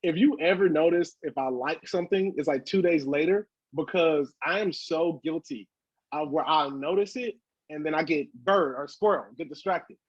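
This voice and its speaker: A man who is a hip hop artist, talking as a podcast guest in a loose, animated way, swearing freely and acting out quoted voices. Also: on the high side, normal speed, husky, dry recording, muffled recording. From Southern California. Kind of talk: casual podcast interview.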